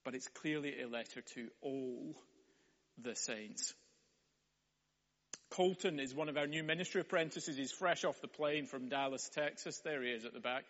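A man's voice: medium pitch, moderate pace, a bit bright. A man preaching a sermon in a wry, conversational way. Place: church hall. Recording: echoey hall, dull sound.

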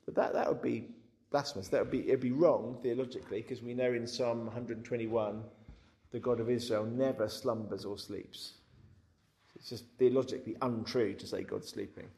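A man giving a conversational Bible teaching, frank and lively, often repeating his words as he talks. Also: mid-range voice, normal speed, creaky. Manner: frank, animated, repeats words, acts out quotes.

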